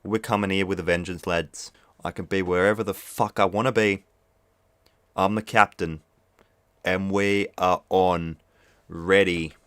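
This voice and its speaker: A man's voice: low-pitched, steady tone, unhurried, no echo. Swearing young gamer man. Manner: swears a lot, shouts in frustration. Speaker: gaming YouTuber. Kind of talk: excited game commentary. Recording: game music behind.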